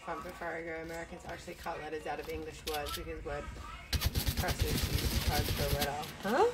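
A woman's voice: low-pitched, steady tone, fairly quick, very noisy. A young woman streaming a game, chatting casually, reading out viewer comments and swearing freely. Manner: chatty, swears freely, jumps between topics. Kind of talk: casual chat while gaming and reading out comments.

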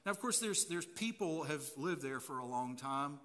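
A man's voice: a little high, animated, normal speed, a bit bright. A man preaching a sermon as pastor, chatty and folksy, often restarting his sentences. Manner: folksy and conversational, with frequent restarts. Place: church sanctuary. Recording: long church hall reverb.

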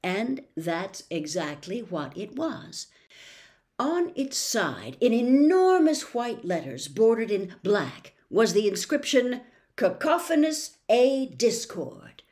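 A woman reading a children's novel aloud as narrator, expressive and unhurried. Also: mid-range voice. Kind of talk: storybook read-aloud.

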